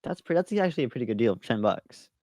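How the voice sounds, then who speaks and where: A man's voice: mid-range voice, big pitch swings, quick pace, a little mellow, no room sound, studio quality. A man co-hosting a podcast, chatting in a laid-back way and laughing along. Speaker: podcast co-host. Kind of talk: casual chat.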